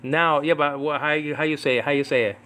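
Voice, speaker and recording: A man from New York teaching a casual Greek Bible lesson at home, rambling and slowly repeating Greek words. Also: on the high side, steady tone, sharp tone.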